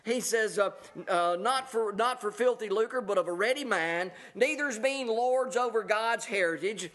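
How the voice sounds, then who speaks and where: A man with a notably high voice preaching to his church. He reads old scripture verses aloud, then explains them in a plain, folksy way, often pausing with "uh" and repeating words as he goes. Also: fairly bright tone. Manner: conversational preaching, reading scripture aloud with many fillers. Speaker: pastor. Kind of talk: sermon.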